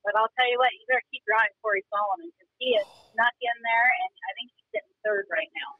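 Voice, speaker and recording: Lively woman talking over the phone. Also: on the high side, fast, breathy edge, no room sound. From Montana. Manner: chatty, animated storyteller. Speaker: rodeo guest. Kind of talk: casual interview chat. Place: car. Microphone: phone call while driving. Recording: dull, dry phone-call audio.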